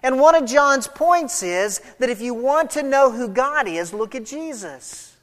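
A woman's voice: lively intonation, unhurried. Woman preaching in a reverberant hall. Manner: swings between loud emphatic stretches and quiet low passages; expository, walks through a scripture passage verse by verse. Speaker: pastor. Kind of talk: sermon.

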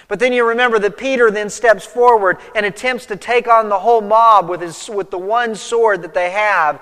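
A man's voice: sits high, a bit bright. A man preaching a sermon, retelling a scripture story vividly with rising and falling emphasis. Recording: long hall reverb.

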